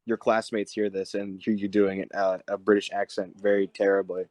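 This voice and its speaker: Teasing man with quick interjections. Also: fairly low pitch, level tone, a little mellow, no room sound. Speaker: podcast co-host. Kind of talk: casual chat with friends.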